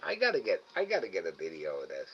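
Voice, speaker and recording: A man's voice: low-pitched, huge pitch swings, quick pace, muffled recording, a little hiss or hum. A man hosting a live animal camera stream from indoors at night by a window. He coaxes an animal in a raised sing-song voice and mutters to himself between calls. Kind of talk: casual live-stream commentary.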